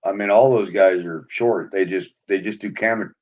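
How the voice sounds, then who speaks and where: A man's voice: deep voice, fairly even intonation, normal speed, darkish tone. An older man on a casual panel chat, making dry, teasing remarks. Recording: dull lo-fi line with faint noise.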